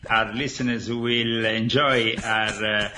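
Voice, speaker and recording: A man from Italy with an Italian accent, a guest author speaking haltingly in a radio interview with many pauses. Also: lowish voice, little pitch movement, bright, forceful tone, slight background noise.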